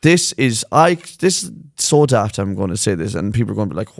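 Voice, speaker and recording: A man's voice: fairly low pitch, big pitch swings, a little fast, vocal fry, no echo, clean studio sound. A young Irish man co-hosting a podcast, chatting casually in a rambling, self-mocking way and swearing freely. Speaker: podcast co-host. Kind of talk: casual chat.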